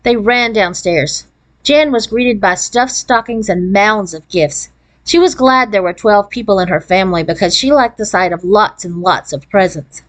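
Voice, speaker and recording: A woman reads a children's chapter book aloud at a mid-range pitch. Her narration follows an expressive storybook cadence. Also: normal speed, poor audio.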